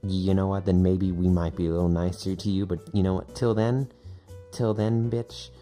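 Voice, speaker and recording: A man's voice: low-pitched, flat delivery, normal speed, warm tone, faint music behind, natural voice. A man voicing a laid-back male metal fan and anime weeb who rambles and swears casually. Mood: defiant.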